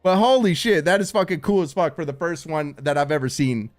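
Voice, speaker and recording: A man live-streaming while gaming, excitable and swearing a lot, stammering through restarts and calling everyone dude and bro. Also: on the high side, a little fast. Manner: stammering restarts when overwhelmed.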